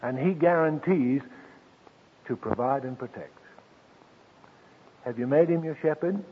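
A man preaching a sermon, slow and emphatic, dropping soft and then lifting his voice again. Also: mid-range voice, slight background noise. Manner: slow, emphatic, with soft drops and sudden lifts. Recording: tinny old radio broadcast with long reverb.

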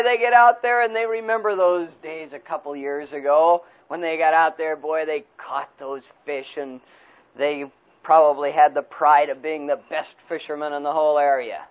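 A man preaching a sermon who retells a story in a folksy, animated way. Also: fairly high pitch, normal speed. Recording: tinny phone-like recording.

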